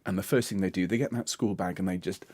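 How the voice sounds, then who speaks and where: A middle-aged man coaching a bass section, patiently explaining and singing lines to show how they go. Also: steady tone, fast talker, darkish tone, dry recording. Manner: demonstrates sung phrases between spoken instructions; encouraging, patient. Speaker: choir director. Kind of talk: choir rehearsal coaching.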